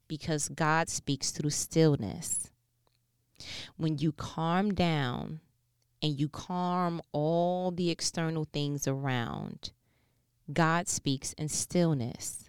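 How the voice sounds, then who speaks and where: A woman delivers an inspirational faith talk in a smooth, fairly low voice. She preaches with animated energy, racing through some phrases and then slowing almost to a hush for emphasis. The sound is close and dry. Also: no room sound. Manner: animated preaching, swings between rapid bursts and slow, hushed emphasis. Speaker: faith speaker.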